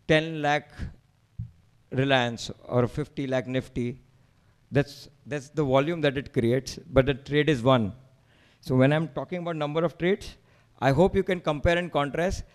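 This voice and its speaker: A man's voice: a little high, clean tone. A man with an Indian accent giving an emphatic slide presentation to a meetup, rallying the audience with rhetorical questions.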